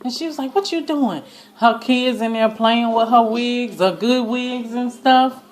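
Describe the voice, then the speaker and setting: A woman giving a casual, animated recap of a TV episode, acting out the lines as she goes and shrieking with laughter at the twists. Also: fairly high pitch, measured pace. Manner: gives each line of dialogue in passing. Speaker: TV recap vlogger.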